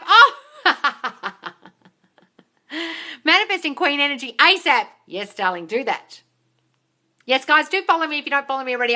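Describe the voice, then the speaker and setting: A woman hosting a live Q&A, reading viewer comments aloud with excitable, gushing energy, swearing casually and calling viewers darling. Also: high-pitched. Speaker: manifestation coach and live-stream host.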